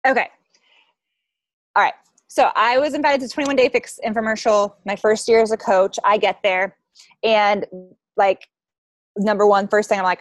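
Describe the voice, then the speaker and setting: A woman's voice: a little high, brisk, no echo. A young adult woman coaching her team on a call, telling a story in a chatty way and acting out the voices she quotes. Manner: chatty, acts out quoted voices, many likes and ums.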